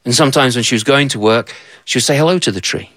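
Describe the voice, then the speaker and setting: Male storyteller for a told folktale, chatty asides, even mid voice, dry sound. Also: mid-range voice, fast, no echo. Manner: conversational, asides to the listener.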